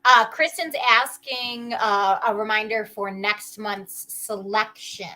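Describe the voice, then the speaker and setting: A woman's voice: medium pitch, steady tone, slow pace, bright, forceful tone. A woman co-hosting a livestream, chiming in with short agreements and passing on viewer comments. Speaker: co-host relaying viewer comments. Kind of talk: casual livestream chat.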